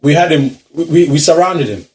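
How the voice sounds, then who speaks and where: A man, a podcast co-host telling an animated, slang-heavy story and laughing through it. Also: on the high side, brisk. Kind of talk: casual storytelling chat.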